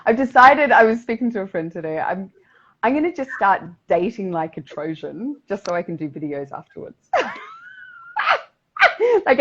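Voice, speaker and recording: A woman with a South Australian accent, co-hosting a podcast in casual chat, bubbly and quick to laugh as she tells stories. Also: medium pitch, lo-fi sound. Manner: bubbly, laughs often, chatty storytelling. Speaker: podcast co-host.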